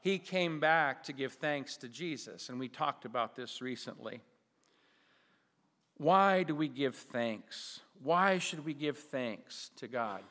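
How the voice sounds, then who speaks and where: A man's voice: mid-range voice, animated, fairly bright tone. Emphatic male pastor in a reverberant sanctuary. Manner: emphatic, slowing down to stress key phrases. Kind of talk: sermon.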